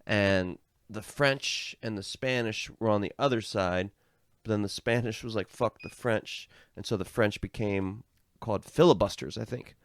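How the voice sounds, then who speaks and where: American male co-host, lowish voice, loose hedging history talk. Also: moderate pace, no echo. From United States. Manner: loose, hedging with "I think", swearing. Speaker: podcast co-host. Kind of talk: casual chat.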